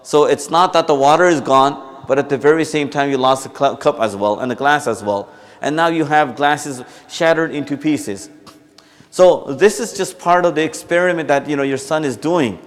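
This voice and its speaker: A man's voice: fairly high pitch, moderate pace. A man giving a conversational Friday talk in a mosque, explaining points with acted-out examples and frequent restarts. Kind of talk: sermon.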